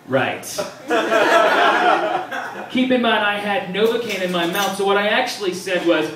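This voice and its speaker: A man's voice: high-pitched, normal speed, far from the mic. A young man doing a stand-up routine at a live venue, telling a story animatedly and acting out the people in it. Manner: animated storytelling, acts out quoted characters. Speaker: stand-up comedian. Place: live comedy venue with audience. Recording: echoey room recorded from afar, noisy.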